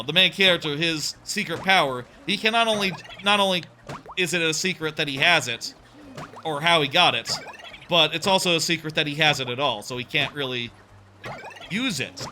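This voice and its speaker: A man's voice: fairly high pitch, pushed and bright, a little hiss or hum. A young man hosting a casual let's play, rambling and chatty and swearing freely. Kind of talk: casual gaming commentary. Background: faint game music.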